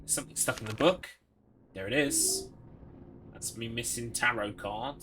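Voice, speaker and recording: A young British man commentating his own playthrough. His voice has a bright edge at a middle pitch, and he slips between reading the game text aloud and joking with his viewers. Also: a little slow, a little hiss or hum. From Britain. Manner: reads item text aloud, mocks and jokes with chat. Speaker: streamer.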